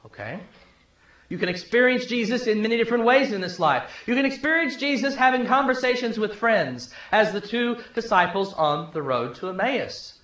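A male pastor preaching a sermon, telling a story conversationally and dropping low and soft for emphasis. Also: expressive, normal speed. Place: church sanctuary. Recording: echoey church room.

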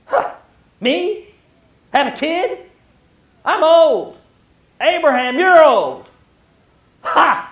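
A man's voice: extremely high pitch, sing-song, drawn-out words, pauses often, echoey room, lo-fi sound, pitched above the performer's own voice, full character voice. A man putting on the voice of an old woman who laughs in disbelief, cackling and incredulous, in a sermon.

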